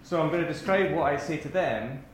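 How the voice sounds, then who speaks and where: A man's voice: a little high, a little fast, reverberant, noisy background. A man with a Scottish accent giving a talk to a live audience in a rambling, self-deprecating way, full of restarts. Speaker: academic speaker.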